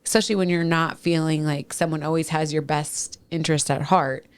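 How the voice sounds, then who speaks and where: Woman co-host, 30s, Minnesota accent, low-pitched, earnest and laughing in a casual studio talk. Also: fairly even intonation, fairly quick, clear, resonant tone. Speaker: podcast co-host. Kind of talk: casual marriage chat.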